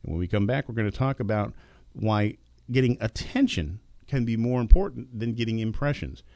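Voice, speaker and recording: A man's voice: lowish voice, a little fast, gravelly, a little mellow, no echo. A middle-aged man hosting a business talk radio show, giving an emphatic, lecturing monologue into a studio microphone.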